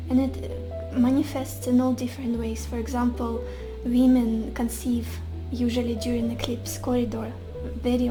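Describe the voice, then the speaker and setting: A woman giving a tarot reading to camera, talking softly with many pauses and fillers. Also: fairly high pitch, low-quality recording. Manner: soft, searching, often pausing with fillers. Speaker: tarot reader.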